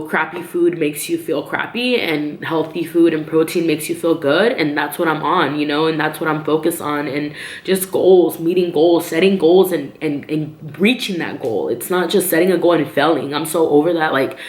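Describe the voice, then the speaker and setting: A woman with a low voice talks openly to her camera in a casual personal vlog. She is chatty, with frequent ums and likes, and the room around her is echoey. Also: steady tone, normal speed, few pauses. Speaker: vlogger.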